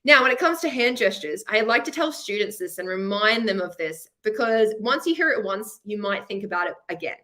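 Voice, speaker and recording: With a medium pitch, lively intonation and a fairly quick pace with few pauses, an Australian woman speaks in a pushed, bright tone. She presents an upbeat webinar masterclass for students over a webcam, chatting encouragingly and explaining through examples.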